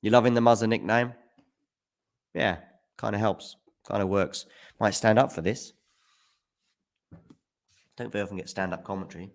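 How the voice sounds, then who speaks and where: A man giving casual live tennis commentary on a stream, chatting with viewers by name and getting loud at big points. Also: fairly low pitch, normal speed, pauses often. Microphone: handheld mic at times.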